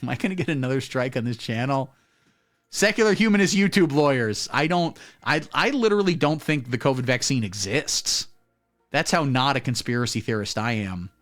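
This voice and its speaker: Deadpan man with lively swinging pitch. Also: a little fast, soft background music. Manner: mock-serious, deadpan delivery with sudden shouted announcements. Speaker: comedy streamer. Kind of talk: satirical comedy monologue.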